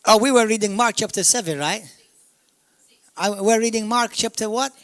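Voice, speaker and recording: A man with a Maltese accent preaching a sermon, emphatic, swinging from shouts down to murmurs. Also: high voice, normal speed, no room sound. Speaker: pastor. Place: church.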